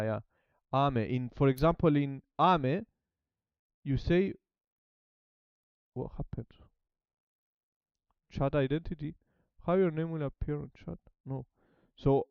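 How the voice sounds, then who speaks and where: This language learner, a native Greek speaker from Greece with a Greek accent, records casual self-study talk full of restarts as he thinks aloud. His slightly high voice has a clean tone, and the recording sounds dry and dull.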